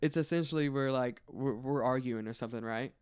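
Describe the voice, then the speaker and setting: A man's voice: mid-range voice, brisk, smooth, no echo. An American man co-hosting a podcast in casual, rambling chat, laughing often. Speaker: podcast co-host. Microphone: dynamic vocal mic.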